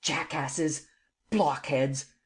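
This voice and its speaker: A man reading an audiobook and voicing a mocking, cocky gentleman thief who climbs high and loud when he teases or rages. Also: fairly quick, natural voice. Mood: furious. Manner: teasing, lively, rising to shouts.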